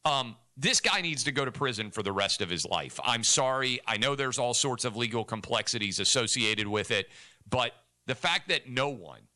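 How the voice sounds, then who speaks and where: A male talk radio co-host with a very bright, tense edge to his mid-pitched voice. He argues his case indignantly and with force. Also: animated, normal speed. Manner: indignant, argumentative. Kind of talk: opinionated talk radio commentary.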